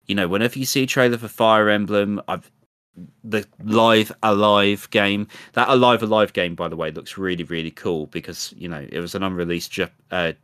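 British man, lowish voice, dry sound. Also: fast talker, few pauses, no echo. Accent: British English. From Britain. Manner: animated, mocking impressions. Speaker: podcast co-host. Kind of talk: casual chat.

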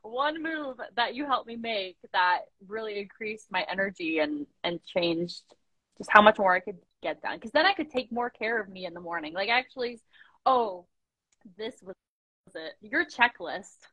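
A woman's voice: mid-range voice, animated, normal speed, bright, forceful tone, no room sound, low-quality recording. Young woman rambling on a video call, lots of likes, dry close sound. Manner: chatty, many fillers and quoted asides. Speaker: coaching client, business owner. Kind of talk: casual video-call chat.

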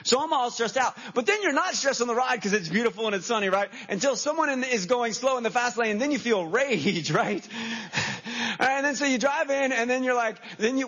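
A man's voice: extremely high pitch, a bit bright. A man preaching a sermon as a pastor, telling stories animatedly and acting out his own reactions on a church stage. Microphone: handheld microphone. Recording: dull lo-fi sermon recording.

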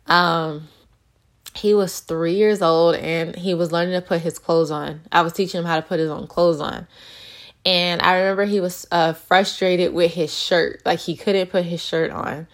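A woman's voice: lowish voice, normal speed. A woman in her thirties giving an earnest, encouraging faith talk to her viewers, acting out little quotes as she goes. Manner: earnest, animated, acts out quotes. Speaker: christian vlogger.

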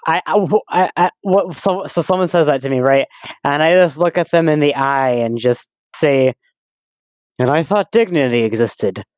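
A man's voice: fairly high pitch, normal speed, clean tone, dry recording. A man playing a tabletop game who stammers into his lines and lands sly jokes. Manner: stammering starts, sly comic delivery. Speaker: player. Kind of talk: casual banter at a tabletop game.

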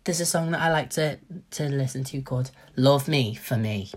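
A man's voice: mid-range voice, normal speed, a little mellow, breathy edge. A young man hosting a casual solo podcast, talking animatedly, swearing freely and acting out what his friends would say. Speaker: podcast host.

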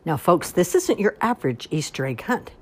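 A woman voicing a showy grand marshal in a storybook read-aloud, loud and theatrical, announcing the contest. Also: fairly low pitch, sing-song, moderate pace, voice pushed up.

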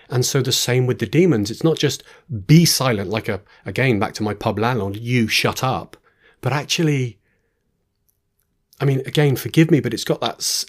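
Man teaching from scripture. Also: medium pitch. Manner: reads scripture aloud, then explains with asides and restarts. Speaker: preacher. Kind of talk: Bible teaching talk.

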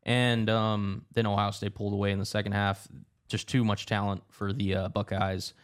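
A man's voice: fairly low pitch, level tone, moderate pace. A man co-hosting a casual sports podcast, running through rankings like a broadcaster. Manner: rattles off lists like a broadcaster. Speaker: podcast co-host.

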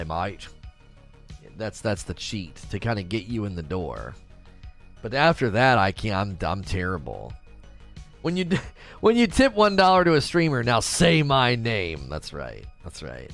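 Middle-aged male streamer, animated and chatty, mid-pitched voice with a lively range. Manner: animated, chatty, addresses viewers directly. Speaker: gaming news livestreamer. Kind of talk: casual livestream chat.

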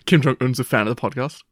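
A podcast co-host in casual chat, joking around, swearing often and laughing loudly. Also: medium pitch, breathy edge, dry recording, clean studio sound.

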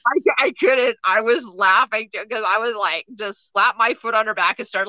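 A woman's voice: on the high side, unhurried, dry recording. A woman co-hosting a podcast, telling funny work stories in casual chat and often laughing as she talks. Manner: laughs through her stories, animated. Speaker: podcast co-host.

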